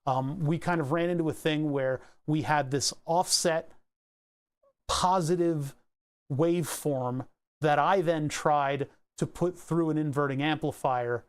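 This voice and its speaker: A man with a slightly higher voice, chatting casually on a live stream. He reads short excerpts aloud and muses over them as he goes, dropping in the odd casual swear. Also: measured pace, clean tone. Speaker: livestreamer. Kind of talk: casual livestream chat, reading aloud.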